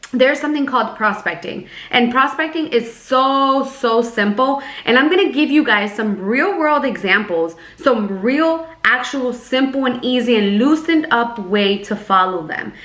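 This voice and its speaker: A woman's voice: on the high side, a bit bright. A woman coaching her team in a casual vlog, upbeat, chatty and playful. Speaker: network marketing team leader. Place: Miami. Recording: roomy echo.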